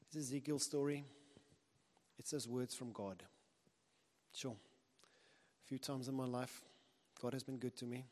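A man's voice: mid-range voice, fairly even intonation, measured pace, pauses often, a little mellow, big-room sound. A man preaching a sermon in an earnest, conversational way.

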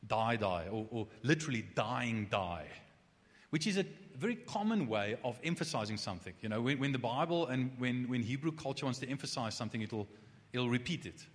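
A male pastor delivers a sermon in a conversational, animated way, often restarting his sentences and dropping in quick asides. His mid-pitched voice carries a long reverb from the hall around him.

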